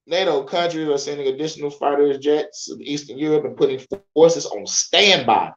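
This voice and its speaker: A man's voice: on the high side, moderate pace, few pauses, fairly bright tone, reverberant, lo-fi sound. A young man hosting a podcast, reading news aloud in a casual, profane way, often breaking off to joke and laugh and stumbling over names. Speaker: podcast host.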